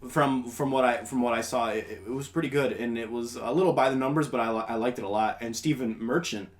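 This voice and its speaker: A man's voice: medium pitch, fast talker. A young man hosting a podcast, chatting casually in a rambling, laid-back way. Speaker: podcast host. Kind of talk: casual chat.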